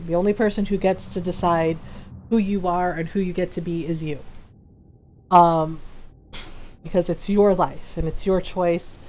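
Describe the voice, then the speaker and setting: A woman streaming a video game, chatting casually with her viewers and laughing often. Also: on the low side. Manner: soft-spoken and reassuring when comforting a viewer. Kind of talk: casual chat while playing a game.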